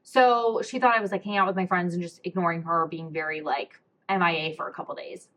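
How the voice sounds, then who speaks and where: A woman's voice: on the low side, steady tone, quick pace, a bit bright. A young woman hosting a podcast, telling a personal story in a casual, candid way, swearing freely and saying "like" a lot. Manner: chatty, candid, swears freely, heavy use of "like". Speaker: podcast host.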